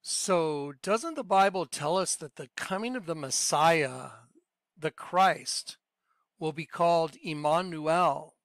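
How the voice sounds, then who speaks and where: A man asking measured, deliberate questions about scripture. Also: fairly high pitch, fairly bright tone, no echo.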